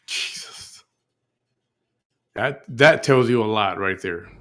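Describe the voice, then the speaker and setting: A man's voice: lowish voice, slow pace, fairly bright tone. A man hosting a reaction commentary with incredulous, sardonic asides between clips. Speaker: commentary host.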